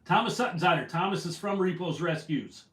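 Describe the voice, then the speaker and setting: A man's voice: high-pitched, lively intonation, a little fast, fairly bright tone. A man hosting a casual fishing livestream, reading out viewer comments in a rambling, self-deprecating way. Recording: echoey room, voice from afar.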